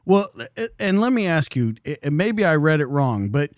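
Man, podcast host, lively pitch, probing questions, dry sound. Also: normal speed, dry recording. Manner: probing, conversational. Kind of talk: interview questions.

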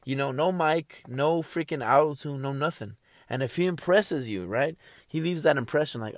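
Young male commentator, loose profane ranting monologue, pitch a bit high, dead-dry recording. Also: normal speed, no echo. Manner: animated, swears freely, repeats himself, laughs at his own jokes.

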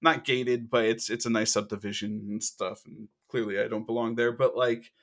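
A man in casual podcast chat, telling stories in an animated way and swearing freely. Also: fairly low pitch, moderate pace, gravelly.

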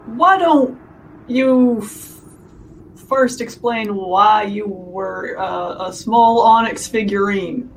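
Male player, high voice, slow polite delivery, faint hiss. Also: low-quality recording. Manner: polite, halting, deliberate. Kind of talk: casual tabletop play.

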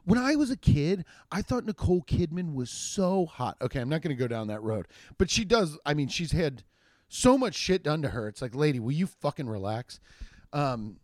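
A man hosting a solo comedy podcast, talking in a slightly high voice. He rambles in a casual, profane way, breaks off into jokey asides and restarts his sentences. His voice is recorded dry and close on the mic. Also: big pitch swings, normal speed, darkish tone, no room sound. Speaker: podcast host and stand-up comedian.

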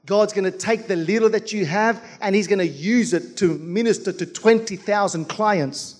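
Fervent high-voiced man preaching. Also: moderate pace, a little mellow. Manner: fervent, rhythmic preaching with repeated calls to the church. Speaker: pastor. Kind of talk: sermon.

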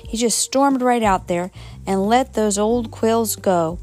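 A woman reading aloud and voicing an excited young male raccoon in a children's storybook, talking breathlessly and eagerly. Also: a little high, slow, pitched above the performer's own voice. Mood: admiring.

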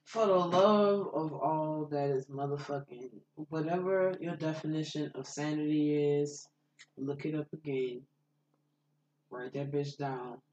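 Sharp, bright, exasperated co-host ranting; echoey room, light hiss. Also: medium pitch. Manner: profane, exasperated, mocking. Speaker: podcast co-host. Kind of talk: comedic rant on a podcast. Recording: roomy room with faint noise.

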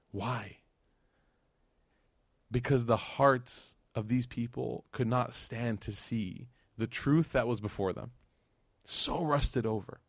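Man, lecturer, casual storytelling, animated asides, dry close sound. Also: medium pitch, no room sound. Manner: conversational, animated, slangy asides. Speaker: Islamic lecturer.

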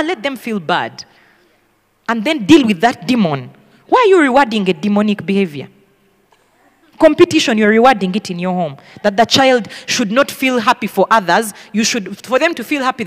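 A woman's voice: on the high side, a bit bright, in a large hall. A woman teaching in a preaching style, emphatic and direct, often acting out the voices of children. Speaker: ministry school teacher. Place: teaching hall.

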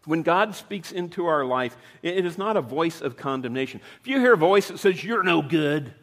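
A man in his fifties preaching a sermon in a conversational way, asking his listeners questions. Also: fairly high pitch. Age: 50s. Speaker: pastor. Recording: long hall reverb.

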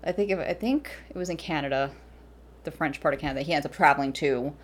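A woman's voice: low-pitched, quick pace. A woman co-hosting a casual podcast chat, swearing freely and laughing hard. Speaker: podcast co-host.

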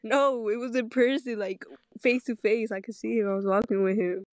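A woman in a casual chat with friends, bold and laughing, firing back quick comebacks. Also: on the high side, fairly even intonation, crowd noise.

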